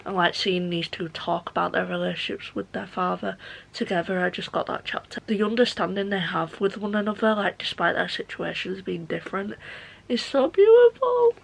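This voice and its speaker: A young woman chatting excitedly about a book in a casual reading vlog, gushing and full of "like". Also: on the low side, brisk, creaky, slightly rough, low-quality recording. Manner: gushing, excitable, heavy use of "like". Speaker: book vlogger.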